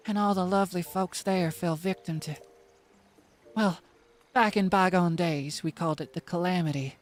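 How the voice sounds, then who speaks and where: A man playing a soft-spoken old southern woman. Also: sits high, pitched above the performer's own voice. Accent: put-on Southern US drawl. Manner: slow, soft, reminiscing. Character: old southern village woman, gentle storyteller.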